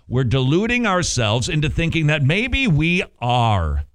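A male pastor preaching a sermon in an animated way, full of rhetorical questions and playful asides. His pitch swings widely between low, serious statements and high, excited bursts. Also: unhurried.

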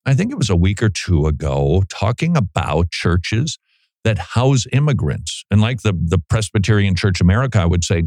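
With a deep, darkish voice and big pitch swings at normal speed, a middle-aged Christian radio host talks through his opinions in a lively, conversational monologue. He now and then imitates other voices for emphasis. There's no room sound.

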